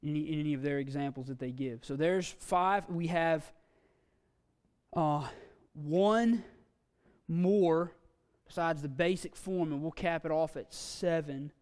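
A man teaching a Bible language class in a church classroom, folksy and halting, with frequent fillers and restarts. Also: fairly high pitch, a little mellow. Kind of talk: classroom lecture. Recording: long reverb from a hall.

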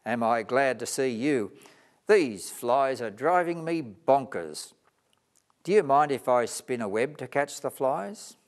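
A harried little male spider from a children's story, as a man puts him on drawls his complaints. The lines come slow and stretched, the pitch bobbing up and down. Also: expressive. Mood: exasperated. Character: fed-up male spider pestered by flies.

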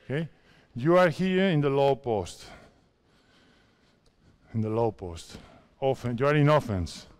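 A man in his fifties from Spain, a basketball coach speaking halting English with a Spanish accent as he directs players through drills at a clinic. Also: mid-range voice, expressive, a little mellow. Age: 50s. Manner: halting non-native English, repeats phrases, directs players.

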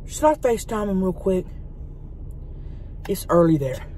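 A woman's voice: mid-range voice, sing-song, unhurried, mellow, a little hiss or hum. A woman playing a brash, crude trailer-park wife who chats crudely while eating in a parked car. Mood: chatty. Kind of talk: comedic mukbang character sketch.

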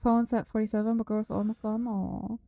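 A woman's voice: medium pitch, level tone, fairly quick, creaky, dry recording, lo-fi sound. A woman live-streaming a horror game, chatting with viewers, swearing freely and shrieking at scares.

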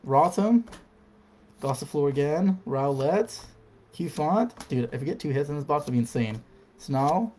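A man's voice: on the high side, measured pace. Casual young man opening card packs. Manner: casual, calls out cards, bursts into excited shouts and laughs. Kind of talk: live card pack opening.

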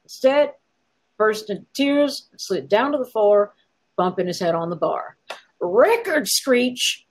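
A woman author reading her own fiction aloud in a wry, sardonic, expressive way. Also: mid-range voice, normal speed, rough recording. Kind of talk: dramatic story reading.

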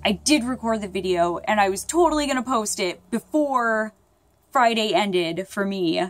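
A young vlogger chats to her viewers from bed, her medium-pitched voice lively in intonation and moderate in pace, with no room sound. She sounds upset, wanders from point to point and apologizes again and again.

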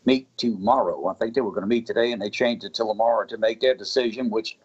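A man who is a city mayor, speaking as a guest on a radio show, halting with many pauses. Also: fairly low pitch, breathy edge, dull audio. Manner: hesitant, halting, many uhs. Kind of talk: casual radio interview.

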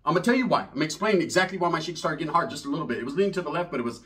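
A man telling a comic story in an animated, profane way, full of street slang and Spanish words. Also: on the high side, rapid-fire. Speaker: comedian storyteller.

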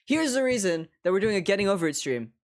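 A young man talking to his stream from a desk at home, his pitch leaping up and down with lively energy. He swears constantly, breaks into laughs often, and slides in and out of put-on accents as he rambles. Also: quick pace. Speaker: live streamer. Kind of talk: casual stream chat.

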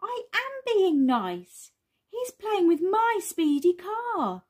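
A woman voicing a small, gentle rabbit boy in a storybook reading, in a high, childlike, hesitant voice. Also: very animated, takes it slowly, exaggerated voice. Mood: cheerful.

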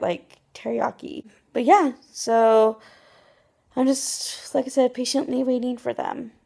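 A woman's voice: on the high side, a little mellow. A young woman vlogging casually into her phone camera, telling a rambling story full of "like" and restarts. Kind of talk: casual chatty vlog.

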